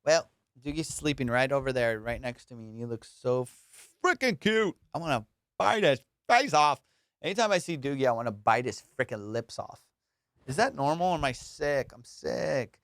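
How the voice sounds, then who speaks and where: A young man talks alone into the mic in a loose, rambling way, poking fun at himself and swearing without care. His voice sits at an ordinary middle pitch and comes through smooth and clear. The sound is close and dry, with no room around it. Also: animated, moderate pace, fairly bright tone, no echo. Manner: rambling, playful and self-mocking, swears freely. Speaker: comedian hosting his own podcast. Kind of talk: casual solo podcast chat.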